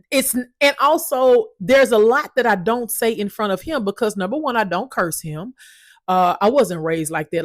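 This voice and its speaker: A woman in her thirties casually telling her own story as a parent, animated and emphatic, swearing freely. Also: medium pitch, dry recording, studio quality.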